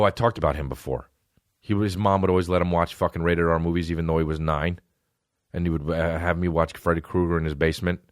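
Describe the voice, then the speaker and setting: A bass-voiced man hosts a podcast, delivering a casual comedic monologue of rambling, profane childhood stories told with animation. The recording is studio quality with no echo.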